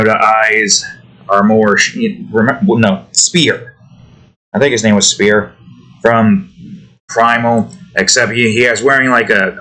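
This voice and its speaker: A tired man with a fairly low pitch and a sharp tone rambles and grumbles to himself. He's a game developer vlogger giving casual commentary while building a game.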